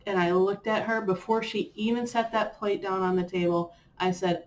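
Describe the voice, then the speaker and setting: A woman's voice: mid-range voice, fairly even intonation, normal speed, few pauses, slight background noise. A young woman vlogging in a chatty, rambling way with fillers and playful self-mockery. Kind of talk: casual chat reviewing a personal year.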